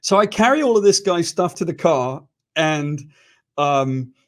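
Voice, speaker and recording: A British man spins an anecdote in a casual chat, his voice sitting a little high for a man. He is animated and self-deprecating, and he slips into the voices of the people in his story. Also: a little slow. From Britain. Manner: animated, self-deprecating storyteller who acts out quoted lines. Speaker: co-host.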